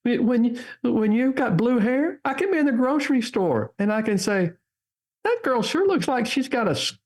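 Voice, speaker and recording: A frank middle-aged woman with a New Hampshire accent, pitched way up high in a drawn-out put-on voice, as a man quotes her. She talks with a wry, plainspoken edge. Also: very animated, a little mellow, exaggerated voice.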